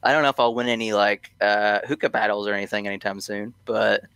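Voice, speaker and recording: A man's voice: lowish voice, steady tone, fast talker, vocal fry, a bit bright, clear, resonant tone, no room sound. A man guesting on a podcast, talking casually and hesitantly with many ums and restarts. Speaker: guest from a tobacco brand.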